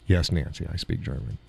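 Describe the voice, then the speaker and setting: A middle-aged streamer speaks in a low, husky, warm voice with vocal fry, chatting casually with his viewers. Their comments draw frequent laughter from him, and he's quick to mock himself. He has a hanging-on cough and clears his throat.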